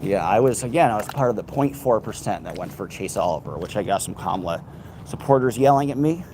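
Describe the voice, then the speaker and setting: Walking along a city street, a man live streams into a handheld phone, talking fast in a rambling, sarcastic, profane way. His fairly low voice has lively intonation, and street traffic noise sounds behind him in this casual stream chat.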